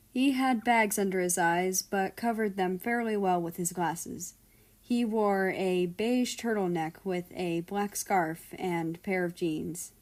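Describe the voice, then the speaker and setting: A woman reading a fan fiction story aloud in a steady, storytelling way. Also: fairly low pitch. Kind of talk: scripted narration of a fan story.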